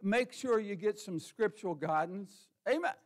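A man's voice: high-pitched, animated, normal speed. A man pastor preaching a sermon in a church in a folksy, conversational way, asking the congregation questions and calling on members by name. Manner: colloquial, says ain't. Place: church sanctuary.

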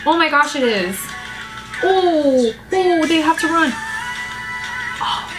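A woman's voice: sits high, animated, measured pace, poor audio. A woman hosting a music video reaction vlog, full of gasps and emotional exclamations. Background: music video playing.

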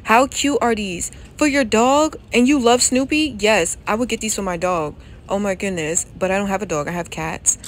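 A woman's voice: medium pitch, normal speed, a little hiss or hum. A woman vlogging while shopping in a store, chatty and easily charmed by what she sees. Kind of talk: casual narration while shopping. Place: inside a store.

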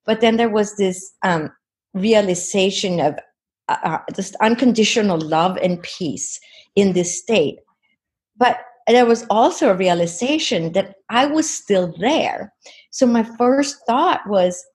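A woman's voice: medium pitch, animated, measured pace, a little mellow. A woman guest in an interview, earnestly retelling a personal experience with many "you know"s. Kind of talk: personal storytelling.

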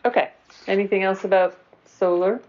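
A woman's voice: mid-range voice, normal speed, a little mellow, a little hiss or hum. A woman with a Boston accent chairing a committee meeting, chatty and often correcting herself. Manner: chatty, self-correcting, laughs easily. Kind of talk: meeting discussion. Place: meeting room. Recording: dull lo-fi local TV audio.

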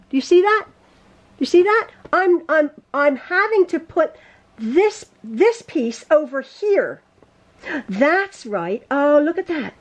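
A woman teaching a quilting lesson in her home sewing room, chatty and quick to laugh at and correct her own mistakes. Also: high-pitched, a little mellow. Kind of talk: casual sewing tutorial.

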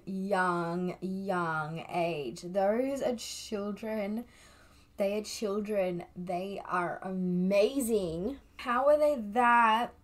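Gushing woman reacting on camera. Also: mid-range voice. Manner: gushing, excitable, repeats words, swears casually. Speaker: YouTuber reacting to a music video. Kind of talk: casual reaction vlog.

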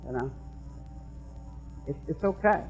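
Man preaching, hushed to emphatic. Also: on the high side, expressive, slow pace, faint music behind, low-quality recording. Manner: conversational preaching that swings from hushed asides to raised emphatic repetition. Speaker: pastor. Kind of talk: sermon.

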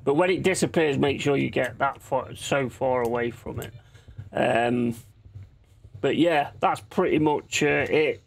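This is casual gameplay commentary from a man running his own gaming channel, his voice medium-pitched and creaky. Chatty and quick to laugh, he curses freely as he plays.

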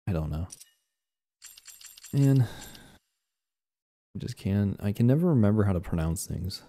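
A man narrates his playthrough by reading game text aloud, with a casual offhand tone between passages. His voice is very low and deeply mellow. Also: expressive, moderate pace, long pauses, no echo. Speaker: gaming video creator.

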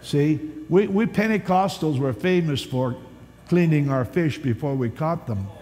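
A man preaching a sermon as a pastor at a church conference, telling stories with animated swings from loud to hushed. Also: a little high, a little slow. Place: large church hall at a conference. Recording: long hall reverb, faint background hiss.

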